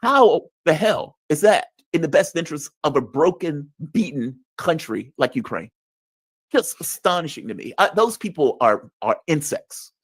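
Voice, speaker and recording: A man's voice: on the high side, very animated, normal speed, husky, no echo. A man commenting on politics in a blunt, combative and mocking way. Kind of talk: heated political discussion.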